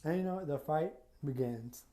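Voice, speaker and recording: A man's voice: a little high, moderate pace, mellow. A man casually retelling an imagined crossover story as a YouTuber, rambling with lots of fillers and restarts. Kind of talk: casual fan-fiction storytelling.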